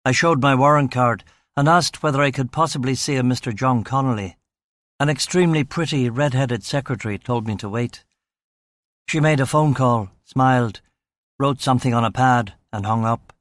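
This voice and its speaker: A man's voice: mid-range voice, moderate pace, a bit bright, no echo. Man reading a crime novel, dry delivery. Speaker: audiobook narrator. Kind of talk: scripted first-person narration.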